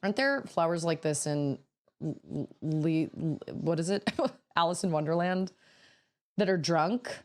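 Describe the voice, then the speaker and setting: A woman in her thirties chatting casually on a livestream, rambling to herself as she builds, her voice a little rough. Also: sits low, a little slow, darkish tone. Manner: chatty, rambling, self-talking while building. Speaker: streamer.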